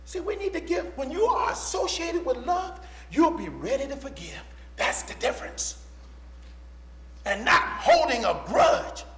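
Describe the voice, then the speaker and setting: A man preaching a sermon, swinging from hushed, whispered asides to shouted, sung lines. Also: very high voice, very animated, measured pace, echoey room.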